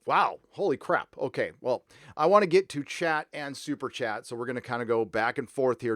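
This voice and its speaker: A man's voice: medium pitch, moderate pace, fairly bright tone, no echo, clean studio sound. A man hosting a casual live stream, rambling between news and reading out viewer donations. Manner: rambling, reads donor messages aloud.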